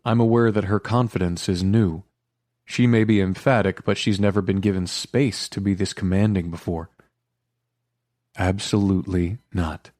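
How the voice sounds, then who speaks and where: Deep-voiced male audiobook narrator. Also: darkish tone, no echo, studio quality. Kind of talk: first-person romance audiobook narration.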